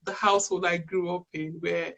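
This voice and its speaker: A woman's voice: lowish voice, fairly even intonation, normal speed, creaky, fairly bright tone. A woman in her fifties, a charity chief executive as an interview guest, telling stories earnestly and digressing as she goes. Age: 50s. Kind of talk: conversational interview.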